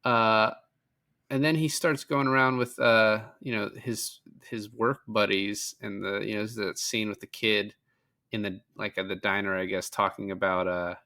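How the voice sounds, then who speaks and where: A man's voice: lowish voice, steady tone, normal speed, bright, forceful tone. A man co-hosting a film podcast, chatting casually and profanely as he retells scenes. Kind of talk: casual film review chat.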